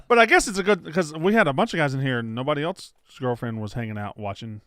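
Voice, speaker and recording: A man's voice: on the high side, fast, a bit bright, no room sound, clean studio sound. A man co-hosting a sports podcast, chatting casually and firing off joking questions. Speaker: podcast co-host.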